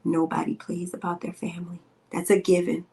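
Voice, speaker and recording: A woman's voice: on the low side, completely flat delivery, a little fast, gravelly, mellow. A woman hosting a podcast, talking bluntly and emphatically in slangy, casual speech and telling stories into a microphone. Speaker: podcast host. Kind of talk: casual opinion talk and storytelling.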